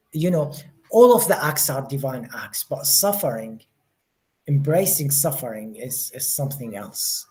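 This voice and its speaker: A man's voice: medium pitch, darkish tone. A man giving a spiritual teaching to a live group in a session room, earnest and often repeating words as he searches for the phrasing. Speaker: religious teacher. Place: study day session room with listeners.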